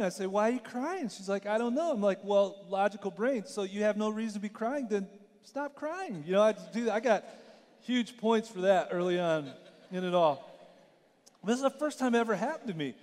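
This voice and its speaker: A man's voice: sits high, in a large hall. A middle-aged man preaching a sermon as a pastor, telling a personal story in a conversational way and asking the audience questions.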